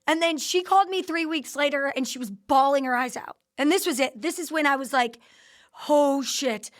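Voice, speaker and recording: A woman's voice: high voice, brisk, a bit bright. A woman podcast host telling her company's founding story in a casual interview, acting out the quoted dialogue with animation.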